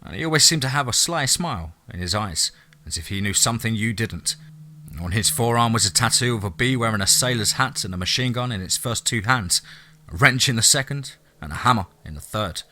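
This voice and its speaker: Bright-voiced male story narrator. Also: on the low side, brisk. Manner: steady storytelling. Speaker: audiobook narrator. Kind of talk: scripted narration.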